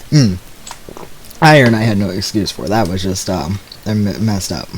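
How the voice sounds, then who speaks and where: A man's voice: lowish voice, lively intonation, moderate pace, slight background noise, low-quality recording. A young man streaming a video game, chatting casually and rambling through sheepish stories with nervous laughs. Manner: rambling, self-deprecating storytelling with nervous laughs. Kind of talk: casual gameplay commentary.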